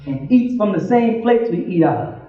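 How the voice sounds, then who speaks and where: A man's voice: sits high, lively intonation, normal speed, mellow. A man giving a joking sermon-style lecture to a congregation, acting out little scenes and laughing often, heard on an old archive recording. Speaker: religious lecturer. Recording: tinny, very echoey archive recording.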